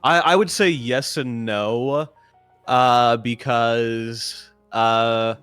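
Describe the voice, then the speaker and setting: A man who is a voice actor, chatting as a guest, telling relaxed, animated stories and swearing casually. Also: mid-range voice, very slow, clear, resonant tone, no room sound, soft background music. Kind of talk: casual chat.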